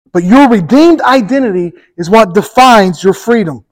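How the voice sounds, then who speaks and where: A male pastor preaching a sermon with energetic emphasis, speaking straight to the congregation and often checking in with "okay?" and "right?". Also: high voice, moderate pace, poor audio. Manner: addresses the congregation directly, with repeated "okay?" and "right?".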